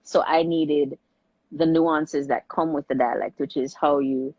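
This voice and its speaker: A middle-aged woman filmmaker, a guest in a casual interview, tells her story in a lively way and often restarts her sentences. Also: low voice, measured pace, no echo. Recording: slightly muffled, dry recording.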